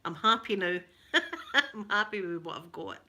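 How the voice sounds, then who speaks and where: A middle-aged Scottish woman chatting casually with live viewers on an ASMR stream, giggly and rambling, often dropping to soft whispers. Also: mid-range voice, a little slow. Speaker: ASMR creator.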